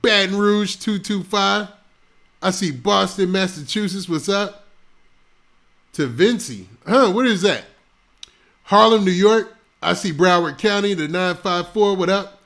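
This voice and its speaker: Man, high voice, gravelly, live stream host, close mic, laid-back slang, shout-outs to viewers. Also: a little slow, pauses often. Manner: shouting out viewers' locations one after another. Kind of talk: casual live stream chat.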